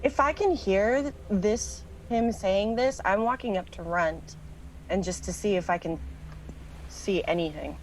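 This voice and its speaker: A woman's voice: medium pitch, measured pace, slight background noise, poor audio. A woman playing in a tabletop game, eagerly describing what her character does. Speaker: player. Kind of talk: casual tabletop play.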